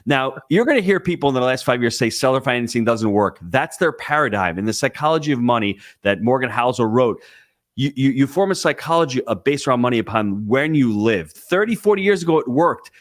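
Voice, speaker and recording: Guy guest on a podcast, emphatic and pumped up, dry close sound, middle pitch. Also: fairly quick, no room sound. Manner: emphatic, excitable, coaching tone. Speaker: guest real estate investor. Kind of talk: podcast interview.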